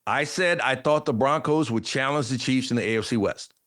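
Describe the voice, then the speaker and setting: A man's voice: medium pitch, a little fast, fairly bright tone. A man co-hosting a sports talk show, debating football casually and thinking aloud with frequent restarts.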